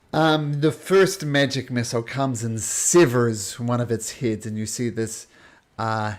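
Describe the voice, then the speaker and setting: Man running a tabletop game. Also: medium pitch. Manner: relaxed, descriptive, with fillers. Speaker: game master.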